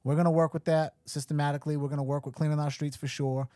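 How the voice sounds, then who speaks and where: A man's voice: on the high side, level tone, quick pace, warm tone, no room sound, clean studio sound. A man running for mayor, talking bluntly and emphatically on a live show. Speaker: mayoral candidate guest.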